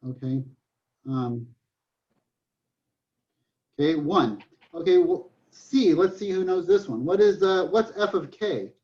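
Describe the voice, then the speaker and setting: A high-voiced man teaching math online, joking and telling stories as he works through problems. His speech comes through a computer mic on a call. The audio is dull and lo-fi. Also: lively intonation, takes it slowly, long pauses, darkish tone. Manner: joking, storytelling, chatty with restarts. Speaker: math professor. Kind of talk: online class lecture. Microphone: computer mic on a video call.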